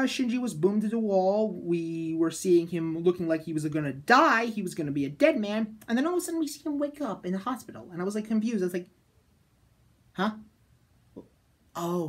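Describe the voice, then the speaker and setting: A woman giving a casual, rambling spoken review of an anime, chatty and excitable, full of fillers and restarts. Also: medium pitch, fast talker, hardly any pauses. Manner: excitable, jumps into loud shouted bits.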